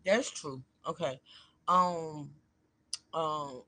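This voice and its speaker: A man with a bright, forceful voice sitting a little high for a man. He talks straight to his viewers in a loose, chatty way on a casual livestream and reads a post aloud. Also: a little slow. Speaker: livestream host. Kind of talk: casual live commentary, reading a post aloud.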